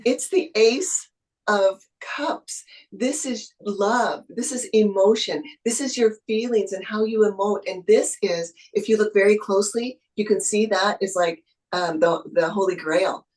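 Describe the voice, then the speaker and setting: A woman's voice: mid-range voice, a little slow, a little mellow, poor audio. A woman tarot reader giving an intuitive reading over a video call, soothing and encouraging, with spiritual phrasing.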